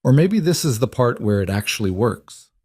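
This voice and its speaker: A man playing a calm, reassuring single dad. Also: mid-range voice, normal speed, breathy edge, no echo.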